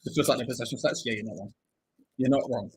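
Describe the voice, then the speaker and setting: A man's voice: medium pitch, quick pace, breathy edge, low-quality recording. A young man hosting a live football watch-along, chatting, joking and reading out viewer comments. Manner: chatty, jokey, reads viewer comments aloud.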